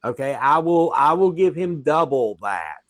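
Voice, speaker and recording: A man's voice: on the high side, lively intonation, measured pace, fairly bright tone, dry recording. A man playing a tabletop game, hesitant and stumbling over his words as he plans his character's moves. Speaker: player.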